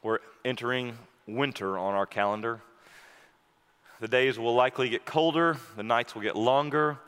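Pastor guy telling a story in a sermon, then praying soft, big echoey church hall. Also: medium pitch, moderate pace, clean tone. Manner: storytelling, dropping to a hushed intimate tone for prayer. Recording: long hall reverb.

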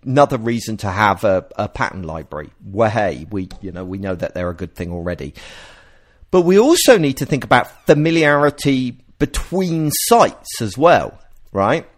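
A man hosting a podcast, explaining ideas in a casual, animated way and often restarting his sentences. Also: lowish voice, normal speed. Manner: animated, explanatory, self-interrupting. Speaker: podcast host.

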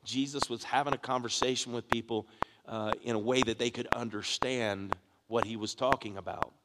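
A pastor preaches in a church sanctuary, questioning his congregation as his delivery builds in force. His voice is a mid-range man's voice with a long reverberant tail. Steady background noise sits under the recording. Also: mid-range voice, moderate pace. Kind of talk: sermon. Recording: echoey hall with background noise.

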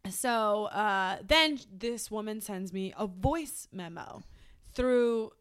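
With an animated, medium-pitched voice and a clean tone, a young woman speaks slowly as she co-hosts a podcast. She rambles through a personal story in casual conversation, saying "like" constantly and often starting over.

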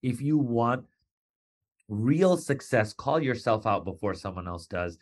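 A man talks on a motivational podcast in a lively, playful way. He drops into short put-on voices for the people he quotes, and his pitch jumps sharply when he does. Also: a little slow. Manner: animated, playful, with wrestling and pop-culture asides. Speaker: podcast host.

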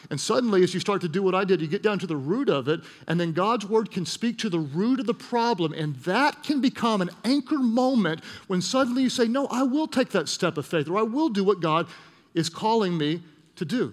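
A male pastor preaches with a high, bright voice, acting out the voices of the people in his stories. His words ring out with long reverb through a large church hall. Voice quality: animated storytelling with acted-out voices. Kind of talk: sermon.

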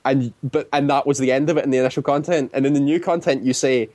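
A man chatting casually, retelling a story at length and often slipping into quick acted-out quotes. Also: mid-range voice, steady tone, a little mellow, dry recording. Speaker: guest describing a video game. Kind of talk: casual chat.

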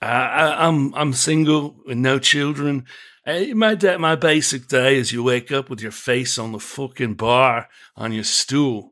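In a comedic improv interview, a man plays a drunken pub regular from a remote island, his British accent drifting toward Liverpool. He's cheerfully matter-of-fact, breezy and laughing often about grim customs. His natural voice is medium-pitched, a bit bright, and measured in pace.

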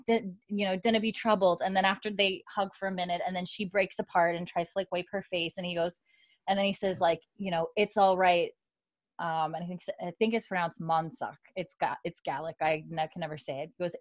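A woman's voice: lowish voice, dry recording. A woman talks into a close mic on a video call, dry and up front, with almost no room sound. She retells a TV episode scene by scene in easy, chatty narration. She keeps breaking into quoted lines of dialogue and laughter. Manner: narrates scenes at length, quoting characters and laughing often. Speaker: podcast co-host recapping a TV episode. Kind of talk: animated casual storytelling with quoted dialogue.

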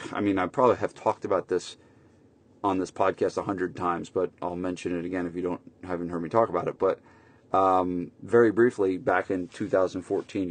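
A man with a somewhat low voice talks through a casual solo podcast episode as a marketing coach for gym owners. He drives his points home emphatically, repeats key lines and keeps checking in with quick tag questions.

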